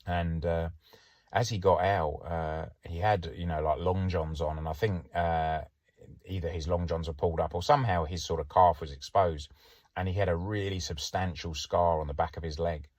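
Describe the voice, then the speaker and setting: Deep-voiced middle-aged brit telling stories, laughs a lot, dry sound. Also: male voice, steady tone, normal speed, darkish tone, dry recording. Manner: chatty, wry, laughs through his stories. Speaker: podcast host and former police diver. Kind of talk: casual anecdotal storytelling.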